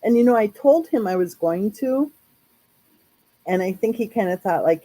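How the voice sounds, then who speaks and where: A woman's voice: mid-range voice, lively intonation, normal speed, long pauses, mellow, rough recording. A woman hosting a casual live chat, talking in a chatty, rambling way with lots of fillers. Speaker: true crime channel host.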